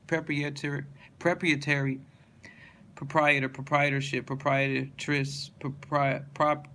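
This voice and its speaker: In a medium-pitched voice with vocal fry, a man drones through a lengthy dictionary word list in steady monotone, restarting words he trips over. There's a little hiss or hum in the background.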